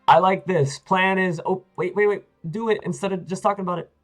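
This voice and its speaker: A man's voice: sits high, fairly even intonation, a little fast, faint music behind, low-quality recording. A man streaming chess games live, talking to himself and his viewers as he plays, swinging between hype and frustrated muttering. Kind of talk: live-stream commentary while playing.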